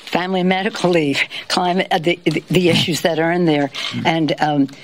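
A woman politician answering reporters' questions at a press conference, halting with many fillers and restarts. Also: lowish voice, fairly even intonation, slight background noise.

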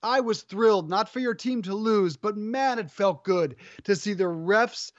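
A man hosts sports radio in a brisk, upbeat, teasing way. His voice sits high. The recording is dry and a little muffled. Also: no room sound.

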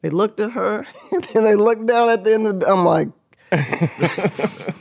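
An older woman telling a story on a podcast, laughing often and switching into the voices of the people in it. Her pitch sits in the middle of the range. She talks in a casual, lively way. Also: moderate pace, gravelly. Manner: animated, laughing storyteller acting out quotes. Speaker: podcast guest, former basketball player.

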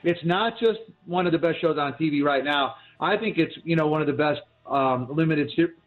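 A man chats about TV shows over a thin, tinny phone line, his voice a little high. He rambles with plenty of restarts and fillers and keeps hiccuping. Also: moderate pace. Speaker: TV critic guest. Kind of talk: casual chat about TV.

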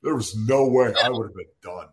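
Mid-pitched man in his sixties joking around. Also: brisk. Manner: joking, bantering. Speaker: podcast co-host, former football player. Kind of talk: casual chat.

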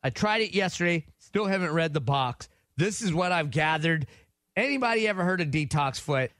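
A man's voice: fairly high pitch, moderate pace, no echo, studio quality. A man, co-hosting a morning radio show and telling a story, acting out the quotes as he goes. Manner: animated storyteller who acts out quotes. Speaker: radio co-host.

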